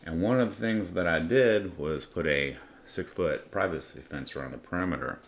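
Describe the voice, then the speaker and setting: In a roomy space with faint ambience, a middle-aged podcast host with a low-pitched voice speaks at normal speed. He tells a crude, defiant personal story in a blunt, profane first-person style.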